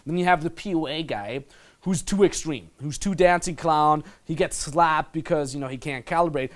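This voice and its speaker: A man's voice: a little high, moderate pace. A man coaching the listener on dating in a casual, blunt manner, swearing freely and calling the listener "my friend". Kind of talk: instructional monologue.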